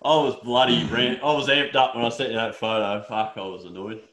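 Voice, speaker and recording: A man's voice: medium pitch, brisk, background noise. Australian man, podcast co-host, casual rant, swears, echoey room. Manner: animated ranting, swears, says "mate" often. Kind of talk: casual chat.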